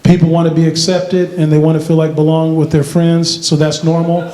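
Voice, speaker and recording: A man giving a motivational speech to a school assembly, animated and playful, quizzing the crowd. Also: a little high, fairly quick. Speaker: motivational youth speaker. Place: large school hall with student audience. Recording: echoey hall with background noise.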